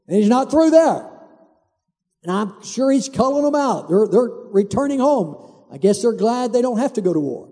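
Male pastor, sermon delivery, high-pitched, very dark tone, emphatic repetition, long hall echo. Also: lively intonation, moderate pace. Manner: emphatic preacher, repeats lines for stress.

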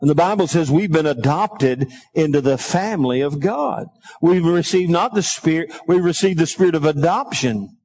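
A man's voice: on the high side, expressive, normal speed, darkish tone, slightly rough, rough recording. A middle-aged man preaching a sermon, reading scripture aloud and calling on the congregation, his voice lifting into a sing-song lilt when stirred. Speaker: pastor.

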